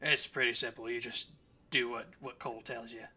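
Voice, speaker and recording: A man voicing a boisterous orc wrestler who is proud of his family, with loud, hearty exclamations. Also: mid-range voice, flat delivery, normal speed, breathy edge, voice pushed down. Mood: sheepish.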